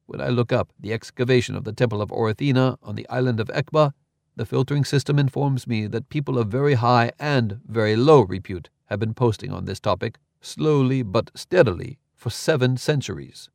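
Casting: narrator doing a cool, matter-of-fact explainer, dry close read, even delivery. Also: male voice, medium pitch, fairly quick, vocal fry, no room sound, natural voice. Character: calm, precise, lecturing man.

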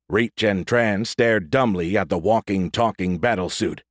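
Low, lively-pitched male narrator for an audiobook, close and dry. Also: moderate pace, few pauses, no echo. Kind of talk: scripted narration.

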